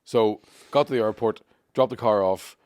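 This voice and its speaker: A man's voice: lowish voice, moderate pace, no echo, studio quality. Sweary man telling a funny story. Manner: sweary, animated, keeps checking in with "right?". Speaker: podcast co-host. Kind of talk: comic storytelling.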